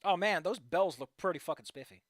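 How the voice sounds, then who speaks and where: An excitable, profane man streaming a game playthrough with commentary. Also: high voice, fairly quick, no room sound, clean studio sound.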